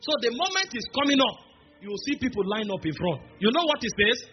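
High-voiced emphatic male preacher. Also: big pitch swings. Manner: emphatic, slows down to stress key phrases, humorous asides. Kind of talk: sermon. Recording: dull lo-fi recording with faint music behind.

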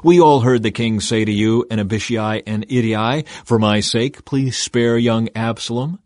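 A man's voice: mid-range voice, normal speed, darkish tone, no echo, studio quality, lightly acted. A man narrating voices a loyal soldier who answers firmly and earnestly. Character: loyal, blunt male soldier.

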